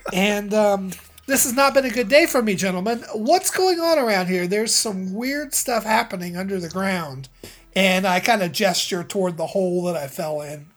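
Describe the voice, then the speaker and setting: A woman's voice: mid-range voice, expressive, moderate pace, lightly acted. A woman voicing a put-upon rich young heir in a tabletop game role-play, with hesitant, formal speech. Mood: flustered. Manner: hesitant, formal and a little pompous. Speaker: player voicing a character.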